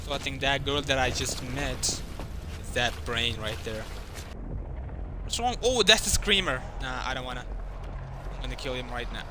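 A young man giving loud, excitable gameplay commentary, swearing and trash-talking enemies. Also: mid-range voice, moderate pace, pauses often, background noise. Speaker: gamer. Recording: loud game music behind.

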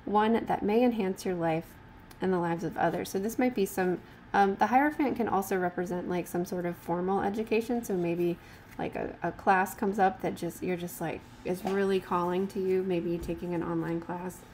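A woman giving a casual tarot card reading, mixing gentle talk full of fillers and restarts with passages read from the cards. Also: on the low side, normal speed, a little hiss or hum.

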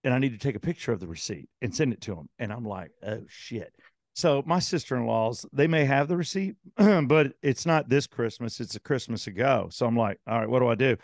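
A man's voice: mid-range voice, brisk, few pauses, no room sound, studio quality. A man co-hosting a podcast, telling a long rambling story in casual chat and swearing freely. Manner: rambling, swears, animated retelling. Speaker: podcast co-host.

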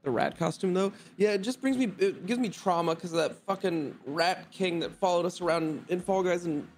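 Higher-voiced man rambling over a game. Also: brisk, darkish tone, faint music behind. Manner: chatty, laughs easily, rambling asides. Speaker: gaming friend. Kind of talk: casual gaming chat.

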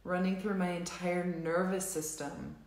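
A woman coaching a live tapping session, saying slow, repeated affirmations for viewers to echo. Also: fairly low pitch, lively intonation, a little mellow. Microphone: live stream recording.

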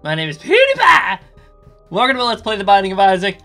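A man putting on the voice of a loud, hyped young male gaming YouTuber for an opening greeting. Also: wildly swooping pitch, brisk, soft background music, heavily acted. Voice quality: high, shouty.

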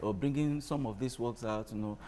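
A man, speaking as a TV studio guest. He talks hesitantly, with frequent fillers and restarts. His voice sits at a middle pitch, with faint room noise. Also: a little fast, dark tone. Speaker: studio guest, comedian's son. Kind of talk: casual TV interview.

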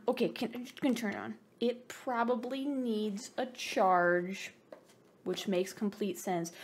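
A woman's voice: mid-range voice, darkish tone. Giddy, rambling young woman unboxing. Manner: bubbly, gushing, rambling with self-mocking asides. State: over-caffeinated and giddy. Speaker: gaming vlogger. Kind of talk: excited unboxing vlog.

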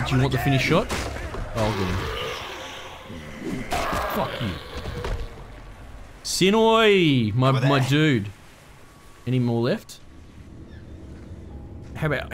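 A man's voice: medium pitch, unhurried, long pauses. A man doing crude, jokey let's-play commentary with lots of swearing. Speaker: gaming host. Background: game music.

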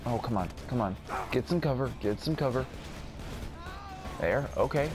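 A man's voice: medium pitch, lively intonation, moderate pace. A man giving casual gameplay commentary, rambling and mocking himself as he plays. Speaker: gaming video creator. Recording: game music underneath.

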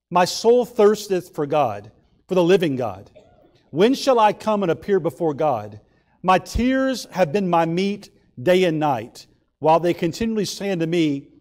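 A male pastor preaching a sermon, earnest, slowing down to draw out scripture and building louder for emphasis. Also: fairly high pitch. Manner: slows down and draws out scripture readings.

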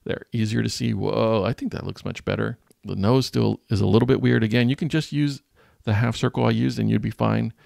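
A low, heavily gravelly male voice, recorded close and dry. He is a teacher walking viewers through a design tutorial, cracking self-mocking jokes as he works. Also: steady tone, fairly quick, a little mellow, dry recording. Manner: jokey, self-deprecating, thinking aloud. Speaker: teacher and channel host.

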